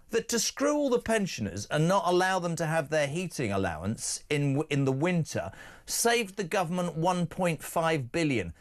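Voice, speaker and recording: A man presents live talk radio in a brash, jokey way, swinging from banter to serious points. His voice sits high for a man. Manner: brash, jokey, fast-shifting. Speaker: radio talk show host.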